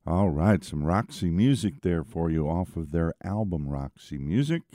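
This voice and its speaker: A middle-aged man hosting a radio music show, talking in a laid-back, chatty way with lots of small pauses. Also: low voice, expressive, warm tone, no echo, clean studio sound. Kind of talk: casual radio show patter.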